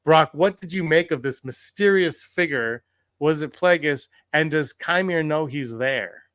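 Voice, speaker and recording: Podcast host, male, slightly high, smooth voice, dry close sound. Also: measured pace, no room sound. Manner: animated, asks co-hosts questions. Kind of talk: casual chat.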